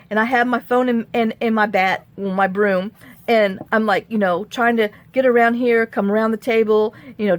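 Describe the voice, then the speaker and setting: A woman telling a story in a casual vlog, animated and acting out the quotes. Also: a little high. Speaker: crafting vlogger.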